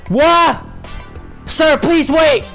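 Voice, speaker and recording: A man's voice: on the high side, unhurried, soft background music, voice pushed up, natural voice. A man voicing a nervous young man who stammers and gets flustered. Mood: desperate. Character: nervous young man, earnest boyfriend and cop.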